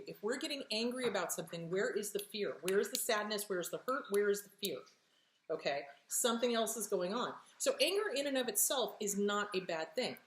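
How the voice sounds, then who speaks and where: A woman's voice: mid-range voice, reverberant. A woman hosting a show on relationships, talking plainly and bluntly with swearing, often acting out quoted reactions. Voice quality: animated, acts out voices in quotes. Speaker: host answering relationship questions. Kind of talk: casual talk, emphatic and profane.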